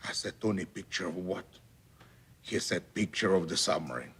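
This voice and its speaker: A man's voice: deep voice, lively intonation, normal speed, fairly bright tone, slightly rough. A man recounting events in a documentary interview in a plain, matter-of-fact way. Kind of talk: storytelling interview. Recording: faint music under voice.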